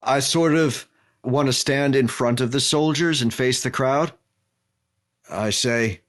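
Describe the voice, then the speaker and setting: A man's voice: medium pitch, measured pace, a bit bright. A man playing in a tabletop game, giving a commanding in-character speech. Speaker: player. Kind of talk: in-character tabletop role-play.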